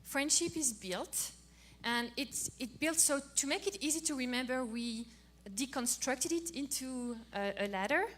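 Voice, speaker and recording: High-voiced woman teaching couples, halting. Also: fairly bright tone, a little hiss or hum. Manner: halting, restarts phrases while explaining. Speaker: marriage course speaker.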